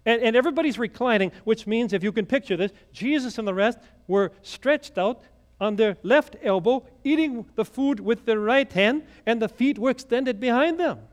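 A man's voice: very high voice, lively intonation, normal speed. A man preaching a sermon, retelling a gospel story with conversational asides to the congregation. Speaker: pastor.

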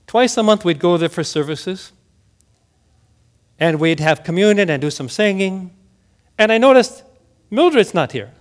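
A male pastor preaches a sermon in a high, sing-song voice that rises and falls widely. He takes his time, leaning on words and sinking to near-whispers for emphasis. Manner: slow and emphatic, with dramatic drops to near-whispers.

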